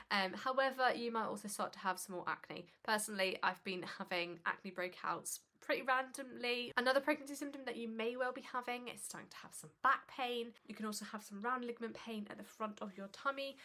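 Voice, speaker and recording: A woman's voice: fairly high pitch, bright, forceful tone. A young woman talking casually as a pregnancy vlogger, chatty with lots of fillers and a little out of breath. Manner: chatty, conversational with frequent fillers. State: slightly out of breath. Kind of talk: casual informative vlog.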